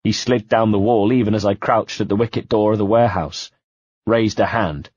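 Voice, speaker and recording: A low, husky man reads a first-person audiobook in a measured, quietly tense way. The sound is dull and close, with no room around it. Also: no room sound. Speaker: audiobook narrator. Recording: dull dry home-studio sound.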